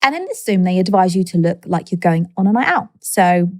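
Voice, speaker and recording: A woman's voice: fairly low pitch, fairly quick, dry recording, studio quality. A woman in her thirties, a guest in an interview, telling her story candidly and acting out the people she quotes. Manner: animated, quirky, acts out quoted people.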